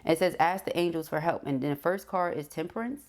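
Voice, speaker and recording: A woman's voice: lowish voice, a little fast, a little mellow. A woman giving a tarot reading, speaking directly to her viewer and often checking in with "okay?". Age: adult. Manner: frequent "okay?" check-ins, affirming. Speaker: tarot reader.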